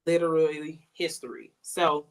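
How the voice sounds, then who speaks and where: Animated woman telling a story. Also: low voice, normal speed. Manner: animated storyteller, acts out quoted messages. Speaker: podcast guest. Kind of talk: casual storytelling.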